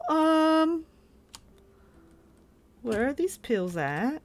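Slow-talking, animated woman gaming streamer. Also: high voice. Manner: chatty, sweary, jumpy, talks to viewers. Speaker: gaming video creator. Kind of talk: casual gameplay commentary.

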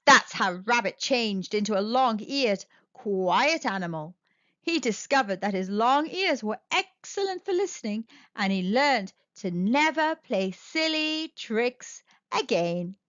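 Woman storytime host, high, animated sing-song read-aloud, dry close mic. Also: takes it slowly, dry recording, dull audio.

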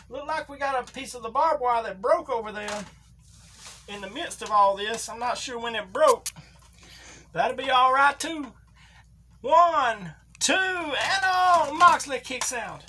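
A woman's voice: high-pitched, bright, forceful tone, a little hiss or hum. A woman voicing a folksy Southern older male wrestling commentator, calling a toy figure match with a thick put-on drawl and country grammar. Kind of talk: comedic ringside commentary.

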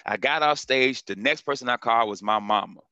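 Man, middle-aged comedian, storytelling, animated and slangy, bright voice, dry sound. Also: mid-range voice, a little fast, clear, resonant tone, no echo, muffled recording. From North Carolina. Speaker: comedian guest. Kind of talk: storytelling in a casual interview.

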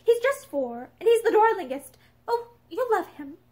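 A woman's voice: very high-pitched, big pitch swings, normal speed, a little mellow, pitched above the performer's own voice. A woman reading aloud, voicing a nervous, eager young wife in breathless, girlish lines.

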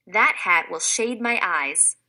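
A woman's voice: mid-range voice, expressive, slow pace, bright, forceful tone, heavily acted. Woman reading as a picky farm horse. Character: hat-seeking male farm horse, picky.

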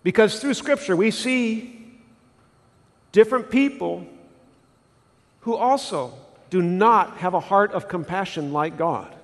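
A male pastor preaching with a high, very lively voice that swoops up and down as he puts questions to the congregation. The sound carries a long reverb from a church sanctuary. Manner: animated, asks the congregation questions. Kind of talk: sermon.

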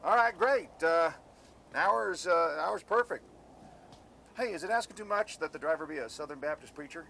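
A sarcastic, fed-up fiancé. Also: male voice, on the high side, animated, moderate pace, creaky, a little hiss or hum, full character voice. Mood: polite. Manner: dry, sarcastic, bursts into yelling. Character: exasperated fiancé on a road trip, sarcastic. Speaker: actor. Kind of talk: comedy sketch acting.

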